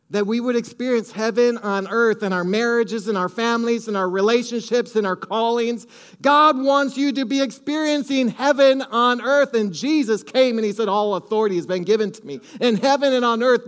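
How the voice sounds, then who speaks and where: A man's voice: very high-pitched, moderate pace, fairly bright tone, smooth. A man preaching a sermon with strong emphasis, leading the congregation to repeat phrases after him. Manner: emphatic, leads congregation in call-and-response.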